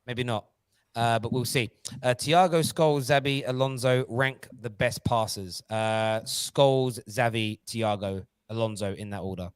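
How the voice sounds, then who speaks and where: A man hosting a casual football chat stream, talking in an animated, jokey and excitable way. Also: mid-range voice, unhurried, clear, resonant tone, no room sound. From Jamaica. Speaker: host.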